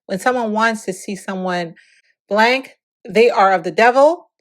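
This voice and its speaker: A woman's voice: medium pitch, unhurried. A woman hosting a celebrity gossip vlog, giving preachy, opinionated commentary with emphatic repetition.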